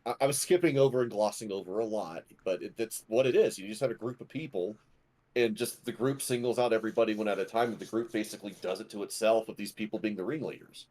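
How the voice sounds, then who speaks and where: A man who is a guest activist on a podcast, explaining ideas in a measured way. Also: lowish voice, darkish tone. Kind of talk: interview talk.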